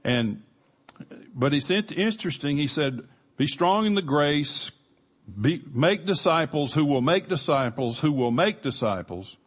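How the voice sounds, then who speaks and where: A man preaching a sermon as pastor, earnest and emphatic, with measured pauses. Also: a little high, expressive, slightly rough.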